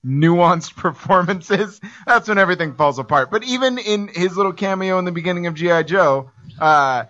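A man co-hosting a casual podcast, talking excitedly, laughing often and swearing casually. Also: sits high, normal speed. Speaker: podcast co-host. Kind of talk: casual chat. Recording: dull lo-fi sound.

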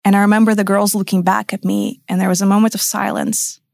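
A woman in her thirties shares her personal story as a podcast guest. She is frank and emphatic and swears freely. Her voice has a gravelly fry, and the close, dry mic catches it. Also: medium pitch, flat delivery, fast, darkish tone, no room sound.

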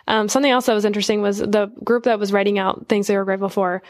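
A woman's voice: medium pitch, racing, no echo, clean studio sound. A young woman on a podcast, sharing research in a casual, hesitant way with lots of fillers. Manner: hesitant, many fillers, relaxed. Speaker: podcast guest. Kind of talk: casual informative talk.

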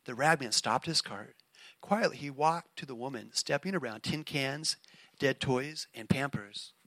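A man preaching a heartfelt sermon and reading a story aloud, speaking earnestly and softly. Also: mid-range voice, a little slow, no room sound. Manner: earnest and heartfelt, soft-spoken. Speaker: pastor.

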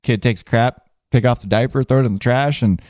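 A man's voice: mid-range voice, a little fast, a little mellow, no room sound, clean studio sound. A man co-hosting a casual podcast, chiming in with jokey asides. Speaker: podcast co-host. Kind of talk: casual chat.

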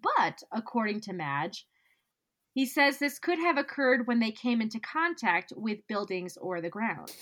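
A woman's voice: on the high side, animated, measured pace, fairly bright tone. Playful woman reading out news facts. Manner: reads facts aloud with playful asides. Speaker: podcast co-host. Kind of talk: casual chat.

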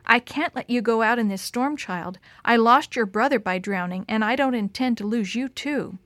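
A woman voicing a worried, pious older mother who speaks gently and protectively. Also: a little high, moderate pace, dry recording, close to an everyday voice.

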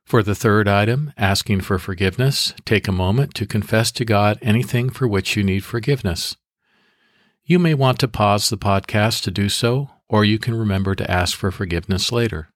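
A man hosting a devotional podcast, leading guided prayer and scripture meditation in a calm, measured, instructive way, recorded close to the mic. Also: lowish voice, no room sound.

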